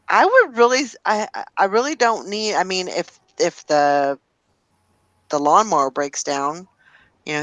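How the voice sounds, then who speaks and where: A woman hosting a casual morning chat, rambling and self-deprecating as she talks. Her voice sits a little low for a woman. The sound is dry and close, with no room around it. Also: a bit bright, dry recording. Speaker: host.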